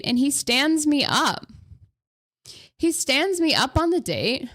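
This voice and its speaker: A woman's voice: mid-range voice, a bit bright. A woman in her twenties telling a personal story to her stream in a casual, rambling way, full of fillers and restarts. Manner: chatty and conversational.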